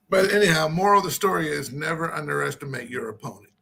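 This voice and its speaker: A man's voice: on the high side, animated, brisk, creaky, bright, forceful tone. A man telling a rambling, self-deprecating story in a casual chat.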